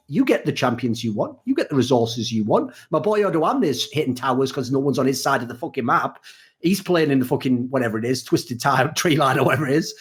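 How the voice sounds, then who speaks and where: A man hosts a casual esports talk show in an animated rant, with plenty of swearing. His voice sits a little high and swings wildly up and down. He acts out the people he quotes. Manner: animated profane ranting; acts out quoted people with big pitch jumps. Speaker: podcast host.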